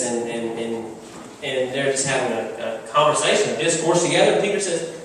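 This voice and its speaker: A man's voice: mid-range voice, fairly quick, slight background noise. A male pastor preaching a sermon in a conversational, emphatic storytelling manner, recorded from far off in a church. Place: church sanctuary. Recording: echoey church hall from far off.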